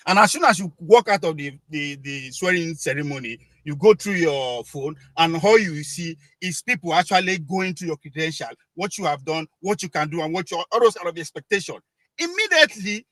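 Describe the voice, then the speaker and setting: High-voiced Nigerian man arguing his view. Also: sharp tone, no room sound, rough recording. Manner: explains at length, rhetorical questions, some Pidgin. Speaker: guest. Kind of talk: debate-style discussion.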